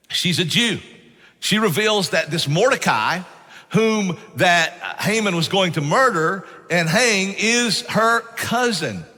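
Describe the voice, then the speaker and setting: A man's voice: high-pitched, bright, forceful tone. A middle-aged man preaching a sermon, telling stories in a folksy way and often saying "man". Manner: folksy storytelling with frequent "man". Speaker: pastor. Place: church sanctuary. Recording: church hall reverb.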